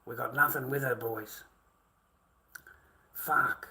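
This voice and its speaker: A man's voice: medium pitch, fairly even intonation, slow, gravelly, sharp tone. A middle-aged Australian man ranting to his livestream chat, swearing constantly and calling viewers mate and boys.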